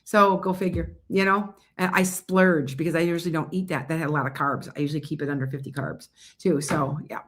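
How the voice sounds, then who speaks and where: A woman's voice: low voice, fairly even intonation, fairly quick, a bit bright. A woman giving psychic readings on a casual livestream, chatting loosely and often losing her train of thought. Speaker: psychic reader.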